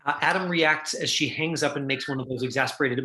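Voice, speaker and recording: A middle-aged man coaches actors through a script online, talking casually with plenty of ums and uhs. He breaks off to demonstrate line readings himself. His voice is bright and forward, in an even middle register. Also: medium pitch, a little fast, a little hiss or hum, poor audio. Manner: chatty, many fillers, demonstrates line readings. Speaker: acting teacher. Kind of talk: coaching an online acting class.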